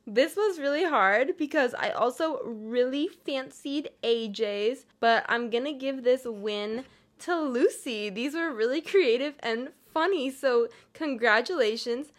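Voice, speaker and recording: A woman's voice: high-pitched, a little slow. A young woman hosting a podcast in a bubbly, chatty way. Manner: bubbly, valley-girl fillers. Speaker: podcast host. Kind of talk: casual chat.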